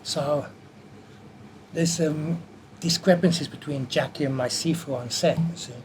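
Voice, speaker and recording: Man, animated storyteller, acts out quotes, slightly high voice, faint background hum. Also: a little slow. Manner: animated anecdote teller who acts out quotes. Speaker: martial artist and film stunt performer. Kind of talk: storytelling in an interview.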